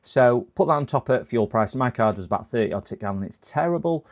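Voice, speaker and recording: A man's voice: mid-range voice, animated, brisk. A middle-aged man hosting a casual live stream, chatting in a rambling way that often slides into exasperated rants. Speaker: livestream host.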